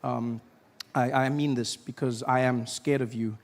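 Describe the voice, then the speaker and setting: A man performing a stand-up comedy set in a live venue, playful and acting out characters with sudden shouted outbursts. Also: medium pitch, steady tone, a little slow, creaky, soft background music. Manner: playful, acts out characters with loud shouted bits.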